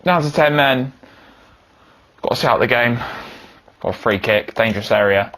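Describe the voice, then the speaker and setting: A young man giving excitable commentary over a football video game, yelling when goals go in. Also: mid-range voice, moderate pace, pauses often. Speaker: gaming YouTuber.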